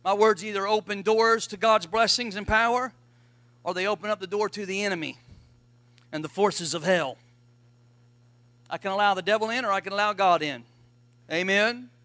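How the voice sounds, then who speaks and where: High, bright-voiced preaching man. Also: moderate pace, pauses often, dry recording. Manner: emphatic preaching with call-and-response to the congregation. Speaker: pastor. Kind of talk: sermon.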